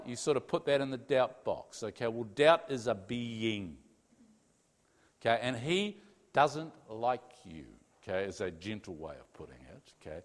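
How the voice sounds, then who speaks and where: A fairly high-voiced man preaches in a chatty, animated way and keeps tossing "okay?" to his listeners. His voice rings out with a long reverb from a large hall. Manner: animated, tags sentences with "okay?". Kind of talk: conversational sermon.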